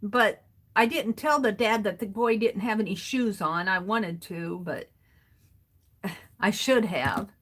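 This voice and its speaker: A woman's voice: medium pitch, animated, takes it slowly. A woman hosting a crafting livestream, rambling through a casual story as she works and chuckling often between sentences. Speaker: art journaling livestream host.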